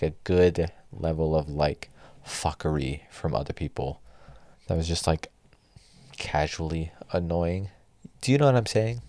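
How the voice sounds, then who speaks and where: Brief: young male podcast host, very low voice, dry close sound, profane exasperated rants. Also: a little mellow, no echo. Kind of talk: solo podcast rant.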